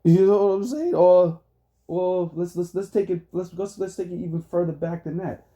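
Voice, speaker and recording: A man's voice: high voice, normal speed, dark tone. A man giving heated, profane reaction commentary on a debate clip, ranting and laughing often.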